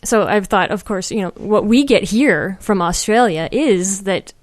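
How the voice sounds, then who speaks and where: A woman's voice: medium pitch, measured pace, no echo. A young woman co-hosting a casual podcast, chatty and giggly with lots of fillers. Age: young adult. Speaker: podcast co-host.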